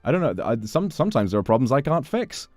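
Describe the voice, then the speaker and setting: Close to the mic, a joking, energetic streamer thanks donors and chats with viewers, cursing without restraint. He has a medium-pitched voice and speaks quickly; the room sound is absent, though faint music lingers behind him.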